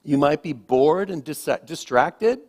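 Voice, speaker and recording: A man, a minister, giving a gentle, reflective sermon with slow, emphatic pauses, speaking to a congregation in a church. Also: on the high side, expressive. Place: church sanctuary.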